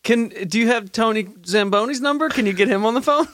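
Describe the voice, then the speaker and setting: A man co-hosting an improvised comedy show, playing it clueless and lively. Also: very high-pitched, a little fast, no room sound, studio quality. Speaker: co-host.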